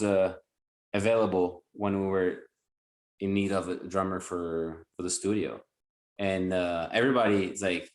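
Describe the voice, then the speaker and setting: Enthusiastic man in a roomy space. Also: low voice. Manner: enthusiastic, rambling with many "like" fillers. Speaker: guitarist guest. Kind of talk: casual interview chat.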